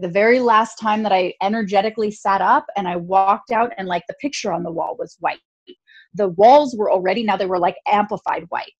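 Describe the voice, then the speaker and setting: A woman guest on a podcast tells a personal story in a lively, chatty way, peppered with "like" and quick laughs. Her voice is mid-range and husky, and the recording sounds muffled.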